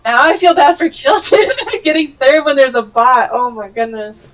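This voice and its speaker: A woman's voice: high-pitched, lively intonation, moderate pace, fairly bright tone, low-quality recording. Chatty woman commentating a strategy game. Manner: chatty, thinks aloud while searching.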